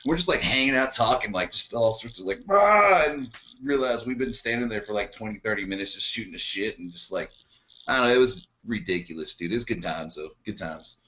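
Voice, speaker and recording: A man's voice: fairly low pitch, fairly quick, bright, forceful tone. A man co-hosting a casual podcast chat, laid-back and slangy, laughing often.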